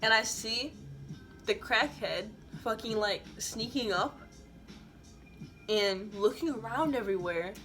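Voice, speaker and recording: A woman's voice: on the high side, takes it slowly, long pauses, fairly bright tone, faint music behind. A woman vlogger telling a story in a casual, slangy way, swearing freely.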